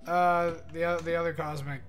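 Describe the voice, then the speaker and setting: A young man streaming a game live, chatting excitedly, swearing and thanking his viewers. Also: on the high side, moderate pace, faint music behind.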